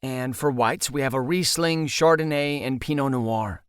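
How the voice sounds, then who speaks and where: A man's voice: mid-range voice, normal speed, clear, resonant tone, no echo, studio quality, close to an everyday voice. A man voicing a young woman waitress who is flustered and hesitant in an audiobook.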